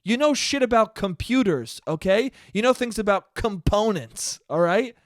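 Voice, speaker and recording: This solo podcast monologue features a male host whose high-pitched, lively voice jumps into abrupt loud bursts of frustration. He talks quickly and curses without restraint. The audio is close-miked and dry, free of any room reverb.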